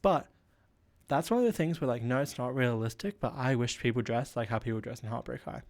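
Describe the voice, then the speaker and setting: A man's voice: medium pitch, a little fast, darkish tone. A young man hosting a solo podcast, rambling casually with lots of filler words while he feels unwell. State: unwell with a headache. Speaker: podcast host.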